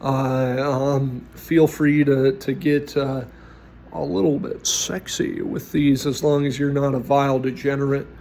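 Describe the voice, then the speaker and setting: A man's voice: medium pitch, flat delivery, measured pace, creaky, darkish tone, slight background noise. A man who runs tabletop games gives advice in a blunt, opinionated way, with lots of fillers. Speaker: game master giving advice. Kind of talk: casual opinionated talk.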